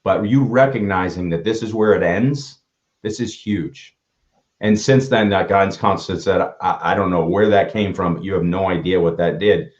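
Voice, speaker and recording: A man with a very low, deep voice tells earnest stories in casual conversation, often restarting and acting out what others said. The recording is dull and lo-fi. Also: moderate pace. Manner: earnest, restarts often, acts out quoted dialogue. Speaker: motivational speaker. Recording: dull lo-fi sound.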